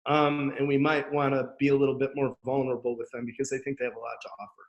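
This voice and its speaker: A man's voice: mid-range voice, level tone, fast talker, reverberant, highs cut off. A man guest on an education podcast, talking candidly and from the heart, with lots of "like, you know". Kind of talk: casual conversation.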